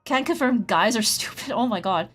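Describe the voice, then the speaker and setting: A woman's voice: a little high, expressive, normal speed, a bit bright. A woman streaming while she draws, telling a rambling story in casual chat, full of "like", and stopping to greet her chatters. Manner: rambling storytelling, heavy use of "like". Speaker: streamer and artist. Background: faint background music.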